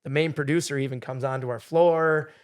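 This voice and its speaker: A middle-aged man telling a story as a podcast guest, animated, acting out what people said. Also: a little high, fairly quick, clear, resonant tone. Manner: animated storyteller, acts out quotes loudly. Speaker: game show contestant guest.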